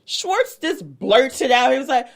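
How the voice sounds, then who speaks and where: Lively high-voiced woman co-hosting a podcast. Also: measured pace, noisy background. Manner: animated, acts out quotes in exaggerated voices. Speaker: podcast co-host. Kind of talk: casual chat recapping reality TV.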